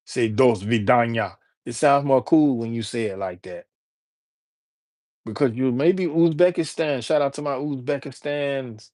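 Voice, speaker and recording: A man from Alabama talks loosely to his livestream chat, greeting viewers one after another. His voice sits at an ordinary middle pitch. The sound is dry and close, with no room around it. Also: unhurried, dry recording. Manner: chatty, greets and shouts out viewers by name. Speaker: livestreamer and rapper. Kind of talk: casual live-stream chat.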